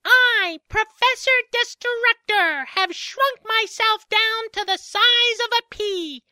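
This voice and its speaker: An actor voicing a tiny, grandiose male supervillain in a comedy sketch, squeaky and gloating. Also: takes it slowly, sharp tone, dry recording, clean studio sound, full character voice.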